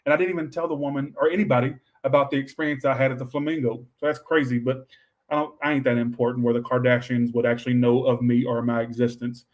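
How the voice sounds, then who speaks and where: A man's voice: mid-range voice, level tone, quick pace, muffled recording. A man giving a casual livestream tarot reading. He rambles and swears offhand, says he is tired, and keeps adding "all right". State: tired, low on energy. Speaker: tarot reader.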